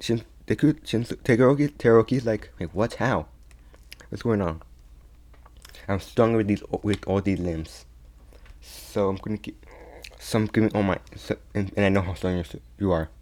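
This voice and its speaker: A young man telling a fan story in a loose, unscripted way. His voice sits a little low, and he keeps stopping, repeating words and starting over. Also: darkish tone. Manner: halting, many restarts and repeats. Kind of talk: casual retelling of a fan story.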